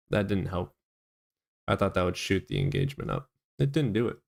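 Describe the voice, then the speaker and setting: A man hosting a livestream in loose, crude chat. He taunts and provokes his viewers. His voice sits low with a gravelly rasp. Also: huge pitch swings, brisk. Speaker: livestream host.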